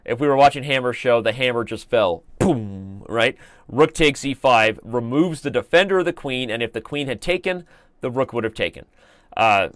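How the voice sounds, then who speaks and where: A man's voice: mid-range voice, a bit bright, no room sound, clean studio sound. A man hosting a live chess stream, commenting on games in a playful, joking way. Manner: playful, joking, fast-moving.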